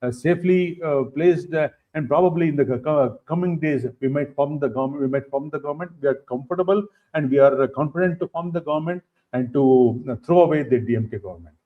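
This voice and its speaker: A man with an Indian English accent, a political guest answering interview questions in a halting way, full of fillers and repeated phrases. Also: on the high side. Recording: dull lo-fi stream audio.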